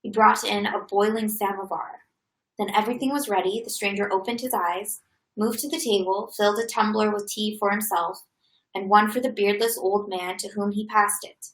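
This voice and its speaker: A woman reading a novel aloud in a steady, even manner. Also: mid-range voice, moderate pace. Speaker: reader. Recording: roomy echo.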